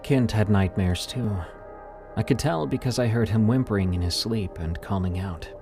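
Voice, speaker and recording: A man reading a first-person horror story in a measured, ominous way. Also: lowish voice, music in the background.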